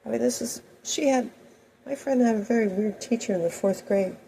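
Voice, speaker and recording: A woman's voice: a little high, fairly quick, creaky, warm tone, slight background noise, low-quality recording. A woman telling personal stories in a rambling, anecdotal monologue full of asides. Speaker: host.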